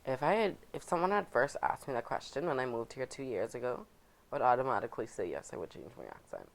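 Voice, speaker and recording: A woman's voice: rumbling low, big pitch swings, fast, poor audio. A young woman from the Bahamas with a Bahamian accent, talking frankly in a casual discussion. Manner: frank, defiant.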